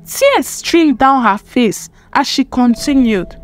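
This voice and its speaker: A woman narrating a dramatic story in an expressive, emphatic way. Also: sits high, slow pace, hardly any pauses. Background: faint music.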